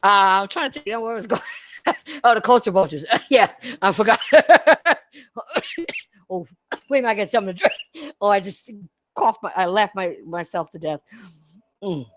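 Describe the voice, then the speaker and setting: A woman's voice: mid-range voice, fairly quick, long pauses, dry recording. Blunt, laughing woman streamer ranting to chat. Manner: blunt, animated, profane, laughs often. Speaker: gaming streamer. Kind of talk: live-stream rant to chat.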